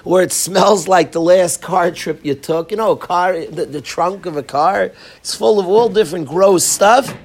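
Animated, sarcastic male Torah teacher. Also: high voice, normal speed, hardly any pauses. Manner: animated, sarcastic, calls on students by name. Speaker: teacher of a boys' Torah class. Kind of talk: classroom Torah lesson.

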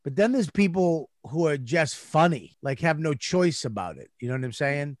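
A man's voice: fairly high pitch, animated, moderate pace, dry recording, studio quality. A man who grew up in Massachusetts, a comedian telling rambling, profane stories in casual conversation. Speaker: comedian guest. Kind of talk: casual storytelling chat.

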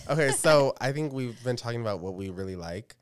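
A woman's voice: a bass voice, lively intonation, fast talker, very noisy. A woman co-hosting a podcast in playful, laughing casual chat. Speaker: podcast co-host.

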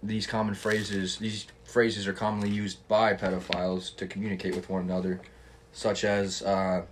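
Laid-back young man, low voice. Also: completely flat delivery, moderate pace, a little hiss or hum. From Canada. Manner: laid-back, swears freely, laughs often. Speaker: podcast host. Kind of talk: casual chat.

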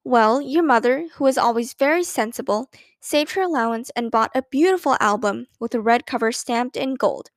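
A woman's voice: fairly high pitch, moderate pace, no room sound, studio quality, natural voice. A woman voicing a playful grown-up aunt who recalls childhood mischief in a storybook reading. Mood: amused.

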